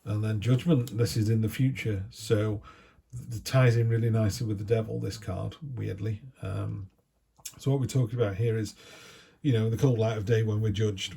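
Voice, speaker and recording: A middle-aged man gives a chatty, down-to-earth tarot reading in a low, gravelly voice with a warm, mellow tone. A faint hiss sits behind him. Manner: chatty, down-to-earth, acts out little quoted asides. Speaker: tarot reader.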